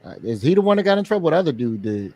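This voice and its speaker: A man in casual podcast chat, talking in an animated, profane, joking way. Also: on the high side, very fast, lo-fi sound, crowd noise.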